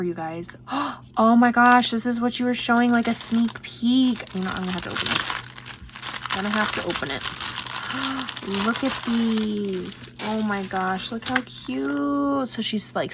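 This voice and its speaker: A woman in her thirties chatting casually as she unboxes craft mail, gushing and excitable, sometimes dropping to a soft whisper. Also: a little high, heavy background noise. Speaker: craft vlogger.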